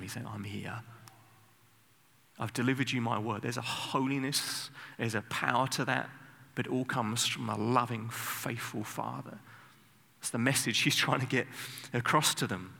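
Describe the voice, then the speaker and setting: A man preaching a sermon, telling the story with lively bursts of acted shouting. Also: medium pitch, gravelly. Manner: animated storytelling, sudden loud acted outbursts. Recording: long hall reverb.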